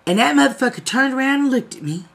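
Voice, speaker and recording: A woman tells a story to her viewers in a casual vlog, swearing freely and playing it for laughs. Her voice sits fairly high and swings widely up and down as she talks. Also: fast, creaky. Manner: animated, profane, comic storytelling. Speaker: vlogger.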